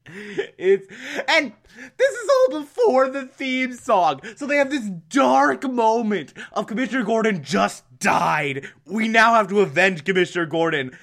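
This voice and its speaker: Drawling, bright-voiced sarcastic TV reviewer, casual recap. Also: medium pitch, lively intonation, measured pace. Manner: sarcastic, exasperated, bursts into laughter. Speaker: TV episode reviewer.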